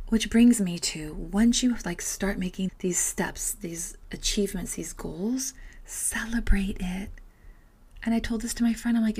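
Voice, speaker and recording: A woman's voice: mid-range voice, darkish tone. A middle-aged woman hosting a solo podcast, giving blunt, emphatic motivational talk with casual swearing and a lot of repetition. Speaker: podcast host and life coach.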